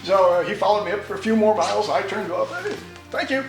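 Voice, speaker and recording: A man's voice: high-pitched, steady tone, quick pace, vocal fry, reverberant, distant mic, music in the background, rough recording. An older man from New York telling stories about his motorcycle in a rambling, folksy way with many restarts. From New York, USA. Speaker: interviewee, motorcycle owner. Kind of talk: storytelling interview.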